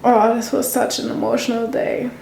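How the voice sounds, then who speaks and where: A woman's voice: fairly high pitch, flat delivery, normal speed, vocal fry, a little mellow, slight background noise. Tearful young woman vlogging in a roomy apartment. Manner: emotional, tearful, rambling. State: teary and tired. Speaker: travel vlogger. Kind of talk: personal vlog talking to camera. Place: small rented apartment indoors.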